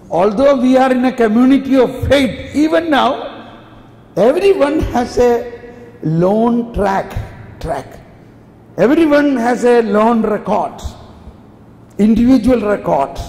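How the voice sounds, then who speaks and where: Animated preacher, gravelly. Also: male voice, high-pitched. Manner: animated, storytelling, asks the audience questions. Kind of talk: sermon. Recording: echoey hall with long reverb, faint ambience.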